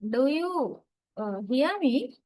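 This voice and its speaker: A woman lecturer giving an online class, explaining slowly with many fillers. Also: sits high, sing-song, dark tone, rough recording. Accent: South Asian English.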